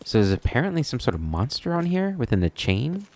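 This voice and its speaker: A man's voice: mid-range voice, big pitch swings, brisk, a little hiss or hum. A man casually playing a video game, chatting and reading the on-screen text aloud. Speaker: game channel host. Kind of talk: let's-play commentary.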